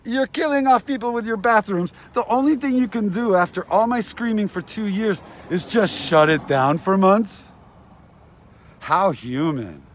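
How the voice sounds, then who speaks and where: A man's voice: high voice, unhurried. A man giving an agitated, aggrieved ranting monologue to camera, often repeating himself. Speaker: vlogger.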